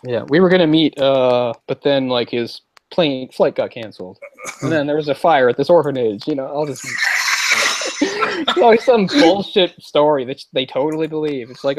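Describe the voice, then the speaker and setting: A man's voice: fairly high pitch, big pitch swings, moderate pace, no room sound, poor audio. A man in casual podcast chat, rambling with many fillers and sounding exasperated. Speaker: podcast co-host.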